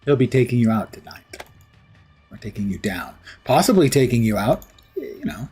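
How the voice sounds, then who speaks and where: A man's voice: medium pitch, sing-song, normal speed, dark tone, husky, faint music behind. A man giving casual, sarcastic commentary while livestreaming a game. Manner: sarcastic, wry asides to chat. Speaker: livestream gamer.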